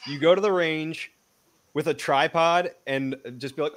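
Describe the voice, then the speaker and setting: A man's voice: a little high, normal speed, fairly bright tone. A man cracking profane jokes and telling rambling bits on a casual livestream. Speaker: guest.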